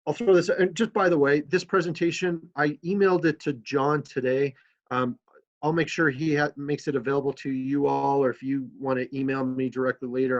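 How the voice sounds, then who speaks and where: A man who works as a city manager, giving a relaxed, conversational presentation to council members, with fillers as he tells stories. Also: mid-range voice, dull audio.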